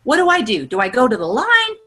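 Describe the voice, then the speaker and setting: A woman giving a casual online training session over a video call, chatty and exclamatory, her voice climbing high whenever she gets excited. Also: fast talker, slight background noise. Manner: chatty and exclamatory, with many "look" and "you know". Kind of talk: casual instructional talk.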